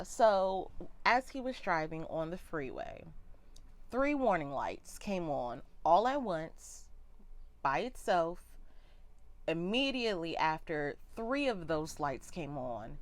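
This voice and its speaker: A woman's voice: on the low side, no echo. A young woman telling a personal story to camera, emotional and repeating words for emphasis. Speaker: vlogger.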